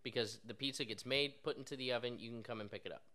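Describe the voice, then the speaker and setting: Young male co-host, mid-pitched, crude and sarcastic storyteller. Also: steady tone, fast talker, pushed and bright. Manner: profane, mocking, acts out callers in quoted voices. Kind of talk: casual chat, storytelling.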